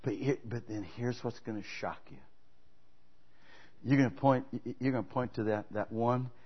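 A man's voice: medium pitch, steady tone, normal speed, lo-fi sound. A male pastor preaching a sermon, telling stories and emphatically urging his congregation to act. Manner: emphatic, exhorting, storytelling preacher.

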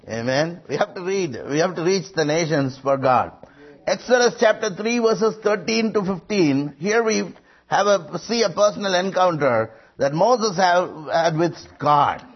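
A man's voice: on the high side, slightly rough. A man preaching a sermon, emphatic and rising on quoted lines, with frequent hesitations. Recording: muffled lo-fi recording.

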